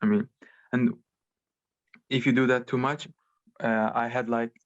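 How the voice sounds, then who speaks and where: A man's voice: medium pitch, flat delivery. Hesitant Turkish-accented young man. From Turkey. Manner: hesitant, halting with many fillers. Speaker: podcast guest. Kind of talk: casual chat. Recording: muffled lo-fi call audio.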